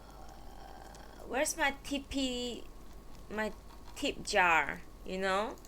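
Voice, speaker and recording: A woman's voice: a little high, expressive, very slow, pushed and bright, slight background noise. Exasperated woman streamer muttering and swearing. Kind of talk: live stream chatter while setting up.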